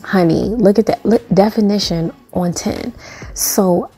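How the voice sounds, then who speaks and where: Sassy woman with a husky, mellow voice. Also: medium pitch, a little slow. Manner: sassy, playful, chatty. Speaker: beauty vlogger. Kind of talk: hair tutorial voice-over.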